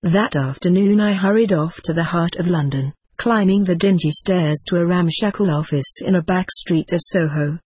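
Woman, audiobook narration, measured, husky, lowish voice. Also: a little mellow, no room sound.

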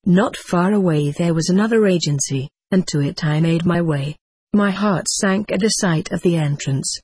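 Husky low-voiced woman narrating. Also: moderate pace, darkish tone, dry recording. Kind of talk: audiobook narration.

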